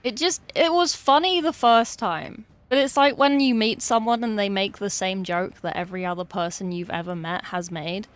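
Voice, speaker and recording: A woman's voice: medium pitch, moderate pace, hardly any pauses. An English woman chatting casually on a livestream, chatty and swearing freely with exasperated asides. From England. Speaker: streamer.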